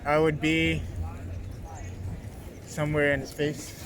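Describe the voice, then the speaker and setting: A man's voice: fairly high pitch, completely flat delivery, slow. A man from Brooklyn giving brief, laid-back answers in a street interview. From Brooklyn, New York. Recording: outdoor street noise.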